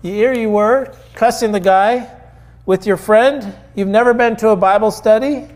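A man preaching a sermon in a high voice and at an unhurried pace. He talks earnestly and conversationally, telling stories as he goes.

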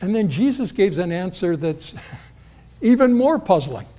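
This preacher's voice is slightly raised in pitch, very animated, a little slow, and dark in tone. He talks conversationally to the congregation through an expository sermon, lifting his voice to act out quoted lines.

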